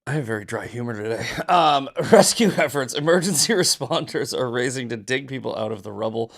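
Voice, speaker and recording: A man's voice: medium pitch, animated, a little fast, gravelly. A man hosting a casual news commentary show, reading headlines with sarcastic, profane asides, just out of bed. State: just woke up. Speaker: host.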